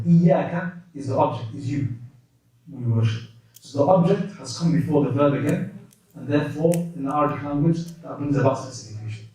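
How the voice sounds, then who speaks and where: A man teaching a lesson in a mosque classroom, explaining terms in a quick, conversational way with many restarts. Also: on the high side, mellow. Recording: echoey room from a distance.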